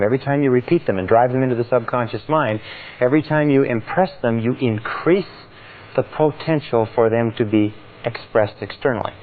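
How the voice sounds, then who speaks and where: A man giving a motivational seminar talk, emphatic and repeating phrases with shifting stress. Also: medium pitch. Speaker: seminar speaker. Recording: tinny, phone-like with faint noise.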